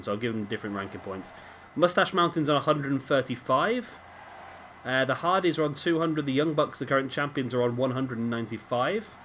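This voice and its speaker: A man's voice: medium pitch, fairly bright tone, a little hiss or hum. A man giving casual, rambling commentary over a wrestling video game and often correcting himself. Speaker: gaming commentator.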